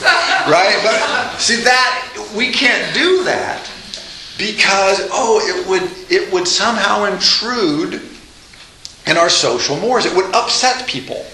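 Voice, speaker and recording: Animated high-voiced male lecturer. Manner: animated, acts out quoted dialogue with laughs. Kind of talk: classroom lecture. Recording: echoey room with faint noise.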